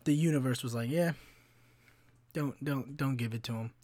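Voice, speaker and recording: A man's voice: mid-range voice, moderate pace, no room sound. Young male podcaster, mid-range voice, chatty and profane, rambles through stories with lots of "like", recorded dry and close. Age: 20s. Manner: profane, rambling, animated storytelling with frequent fillers. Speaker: podcast host. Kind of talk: casual solo storytelling.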